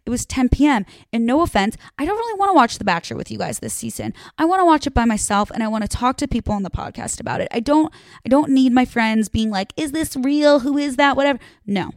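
A woman's voice: a little high, dry recording, studio quality. A young woman from the American Midwest, ranting bluntly and chattily to camera, with plenty of swearing. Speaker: vlogger. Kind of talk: casual rant to camera.

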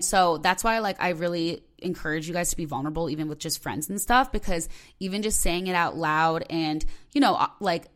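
A woman's voice: lowish voice, a little fast. A young woman hosting her own podcast, talking candidly and rambling with lots of filler words. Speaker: podcast host. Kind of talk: personal podcast monologue.

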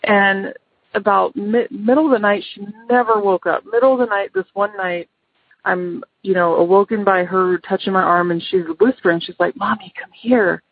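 A woman's voice: medium pitch, fairly even intonation, normal speed, slightly rough, dry recording. A middle-aged mother calling in to tell a personal ghost story, hesitant, with many ums and restarts. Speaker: caller. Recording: phone line.

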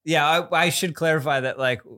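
A man's voice: a little high, fairly even intonation, fairly quick, bright, forceful tone, dry recording. A man co-hosting a casual chat, hesitant with many fillers and a dry, sarcastic humor. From United States. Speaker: podcast co-host.

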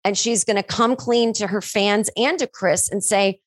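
A woman chatting casually on a podcast about her own screenplay. She tells it like a story, leaping up in pitch to act out what people said. The sound is dry and close. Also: normal speed, few pauses, dry recording. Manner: animated storyteller who acts out dialogue with big pitch jumps. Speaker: screenwriter discussing her film.

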